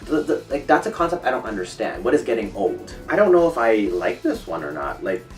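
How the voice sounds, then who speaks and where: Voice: medium pitch, sing-song, a little fast, roomy sound, recorded from a distance, soft background music. A comic speaker giving rambling, mock-offended in-character commentary and reading quotes aloud.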